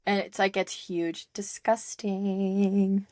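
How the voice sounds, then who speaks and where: A chatty young woman co-hosts a casual podcast over a video call, with lots of fillers and quick laughs. Her pitch sits in the middle range. The sound is dry and close. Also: level tone, a little mellow, dry recording. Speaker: podcast co-host. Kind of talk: casual chat.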